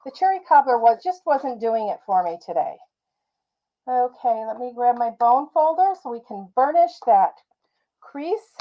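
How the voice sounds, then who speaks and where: A chatty woman walks through a card-making project at her craft table, thinking out loud as she goes. Her voice sits a little high, and the home recording sounds dull and lo-fi. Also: very animated, unhurried. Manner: chatty, thinks aloud, changes her mind mid-step. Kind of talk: casual crafting tutorial.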